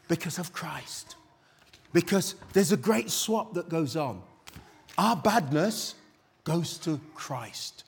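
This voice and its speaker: A man's voice: on the high side, creaky. A British man preaching a sermon at a church service in an exclamatory, rousing way, calling out to the congregation.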